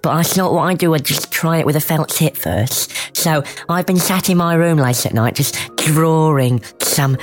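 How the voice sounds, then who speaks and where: A mopey, self-pitying university student, played by a young woman in a comedy sketch. Her voice sits low for a woman and stays deadpan and mournful, awkward even when she tries to sound upbeat. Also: normal speed, few pauses, lightly acted. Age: young adult.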